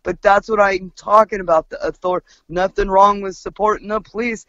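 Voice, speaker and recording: Brief: woman podcast co-host, blunt and profane, lively storyteller, slightly muffled dry recording. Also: medium pitch, moderate pace, no room sound. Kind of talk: casual chat, storytelling.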